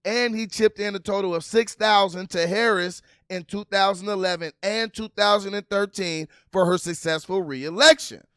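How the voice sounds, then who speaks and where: Guy chatting to his viewers, high bright voice, dry sound, laughs a lot. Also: moderate pace, few pauses, clear, resonant tone, no echo. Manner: animated, laughing, talks to viewers as "you guys"; reads news aloud while scrolling. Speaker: political commentary vlogger. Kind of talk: casual livestream commentary.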